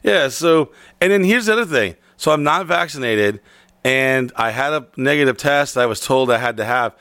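A man's voice: medium pitch, animated, normal speed, a bit bright, no echo. A man swapping crude, joking travel stories in a casual chat. His voice sits in the middle range. The sound is dry and close, with no room to it. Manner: profane, joking storyteller. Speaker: podcast co-host.

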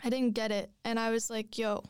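A young woman in her twenties tells a personal story in loose, rambling chat, full of fillers and restarts. Her voice sits a little high and comes through smooth and clear. The recording is dry and close. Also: flat delivery, brisk, no echo. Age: 20s. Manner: rambling, many likes and restarts. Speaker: guest telling a personal story.

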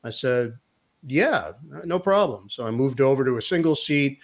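A middle-aged man and sports broadcaster, a guest telling a lively anecdote in an interview, acting out the lines of the people in his story. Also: mid-range voice, moderate pace. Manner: lively anecdote teller who acts out quotes.

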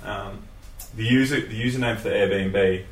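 Lower-voiced man, roomy echo. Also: moderate pace. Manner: relaxed, laughing, swears. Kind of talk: casual storytelling chat. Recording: roomy echo, distant mic, faint ambient noise.

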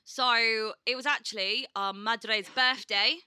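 A woman's voice: on the high side, fairly even intonation, slow, sharp tone. A woman in her thirties co-hosting a podcast, telling stories in casual chat, peppered with "like" and acted-out quotes. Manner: chatty storyteller, lots of "like", acts out quotes. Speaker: podcast co-host.

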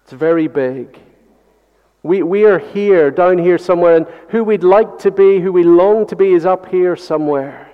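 A man's voice: high-pitched, normal speed, smooth. A man preaching a Sunday sermon, earnest and repetitive, with rhetorical questions to the congregation. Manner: earnest, repeats key phrases, rhetorical questions. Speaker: pastor. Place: church. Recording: dull sound with long hall reverb.

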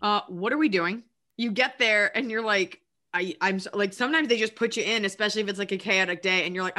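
A woman's voice: medium pitch, fast talker, pushed and bright. A woman actress chatting casually as an interview guest, rambling and self-deprecating with lots of "like".

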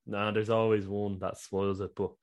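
A man from Ireland with a slightly low voice co-hosts a casual podcast. He talks football with plain enthusiasm, relaxed and conversational. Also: moderate pace. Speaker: podcast co-host. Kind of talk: casual chat.

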